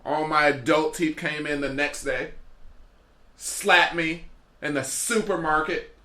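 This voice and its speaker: Podcast host, male, bright edgy tone, wandering comedic monologue full of tangents. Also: on the high side, steady tone, slow pace. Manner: rambling, goes off on tangents. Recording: roomy echo.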